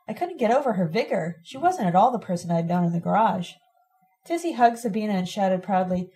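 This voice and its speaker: A woman reading a first-person novel aloud in a calm, steady narration. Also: medium pitch, a little fast. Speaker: audiobook reader.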